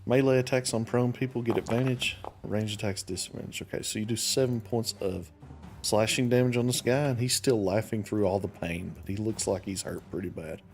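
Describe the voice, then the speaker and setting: A man's voice: fairly low pitch, steady tone, brisk, creaky, a little mellow, soft background music. A man narrating combat and scenes as game master of a tabletop game.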